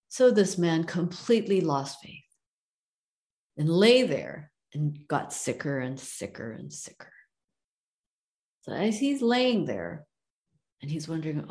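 Slow, low-voiced woman telling a parable. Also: sing-song, darkish tone. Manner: conversational, checks in with "okay?" and "you know". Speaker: webinar presenter. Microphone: video call.

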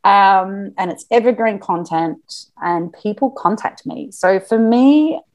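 A woman's voice: medium pitch, slow pace. Chatty woman, lots of fillers. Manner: chatty and animated, many fillers. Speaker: podcast guest, marketing business owner. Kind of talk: casual interview chat.

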